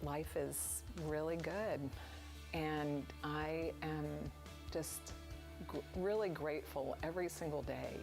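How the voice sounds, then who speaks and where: A woman telling her story as a cancer survivor in a gentle, heartfelt, reflective way. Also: low-pitched, steady tone, takes it slowly, creaky. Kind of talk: reflective testimonial. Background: soft guitar music.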